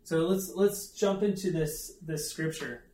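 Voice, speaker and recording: A man's voice: on the high side, a little slow, darkish tone, a little hiss or hum. A man preaching a conversational sermon, telling a self-deprecating story with asides to the audience. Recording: echoey room, mic at a distance.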